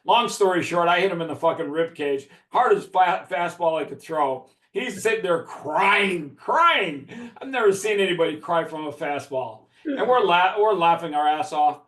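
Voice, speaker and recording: A man's voice: a little high, animated, moderate pace, hardly any pauses, fairly bright tone. A man from the Chicago area telling a profane story in a casual chat, laughing as he talks. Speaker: podcast guest. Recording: echoey room.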